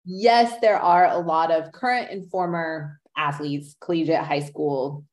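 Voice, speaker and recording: A woman's voice: deep voice, steady tone, a little slow, a little mellow. A woman hosting an interview podcast, affirming her guest's points and asking follow-up questions. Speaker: podcast host. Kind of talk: conversational interview.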